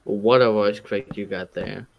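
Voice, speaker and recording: A man's voice: fairly low pitch, steady tone, measured pace, creaky, highs cut off, slight background noise. A man chatting casually with a friend while gaming, teasing him bluntly and swearing when annoyed. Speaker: friend playing along.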